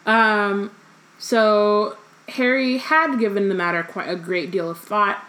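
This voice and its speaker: A woman co-hosting a casual book-club podcast, reading passages aloud with lots of ums and breaking into animated asides. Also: mid-range voice, slow, poor audio. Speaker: podcast co-host.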